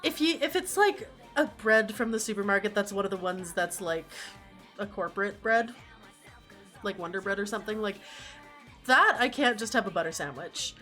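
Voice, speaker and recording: A woman's voice: mid-range voice, animated, moderate pace, sharp tone, soft background music. A young woman hosting her stream, chatting casually, telling stories with lots of "like" and laughing often. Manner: chatty storyteller, laughs a lot, fills with "like". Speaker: streamer host. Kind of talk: casual chat.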